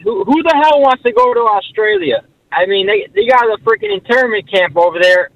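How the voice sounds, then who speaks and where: A male caller ranting in a high, lively voice that swings up and down. The sound comes through a muffled, dull phone line. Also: a little fast, no room sound. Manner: blunt ranting, mocks others in a put-on voice.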